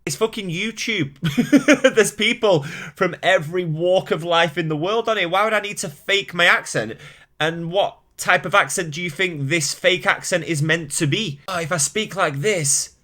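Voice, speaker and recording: A man's voice: high-pitched, moderate pace, sharp tone. A man with a mild Mancunian accent, a fitness YouTuber ranting candidly to camera, exasperated and swearing casually, laughing at himself. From Manchester, England.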